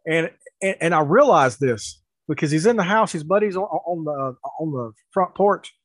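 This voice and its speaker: A man telling a story in casual chat, animated, with laughs and restarts. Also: fairly high pitch, measured pace, no room sound, low-quality recording.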